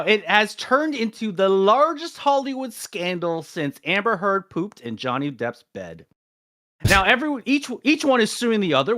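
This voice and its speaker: A man's voice: high-pitched, fairly bright tone. A man hosting a podcast, setting up topics in a playful, announcer-like way. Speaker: podcast host. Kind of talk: casual podcast chat, introducing topics.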